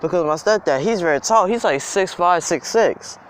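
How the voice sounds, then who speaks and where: A man's voice: high-pitched, expressive, moderate pace, a bit bright, a little hiss or hum. A young man telling a personal story outdoors in a casual, rambling, emphatic way. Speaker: vlogger. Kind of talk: storytime vlog. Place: outdoors in the cold.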